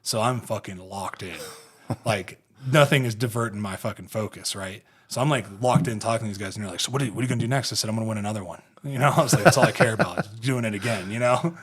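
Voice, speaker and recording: A fairly low, breathy-edged voice talks at a quick pace. It's a podcast host in his thirties from Ohio, a former pro football player, casually telling rambling stories about his football career with plenty of swearing and laughter.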